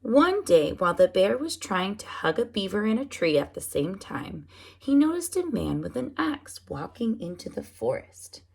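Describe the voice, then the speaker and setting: A woman preschool teacher reading picture books aloud to young children, animated and often asking them questions. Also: medium pitch, normal speed, gravelly, husky. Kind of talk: storybook read-aloud for children.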